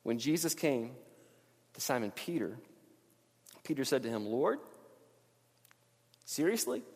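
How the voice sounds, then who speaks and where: A man's voice: mid-range voice, normal speed, a little mellow. A man preaching a sermon, earnest and emphatic, often repeating his phrases. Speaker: pastor. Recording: long reverb of a large hall.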